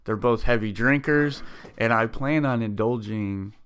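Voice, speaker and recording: A man's voice: mid-range voice, unhurried, fairly bright tone, slight background noise. A man hosting a casual gaming podcast, upbeat and chatty, with plenty of fillers. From Scottish heritage. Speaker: podcast host.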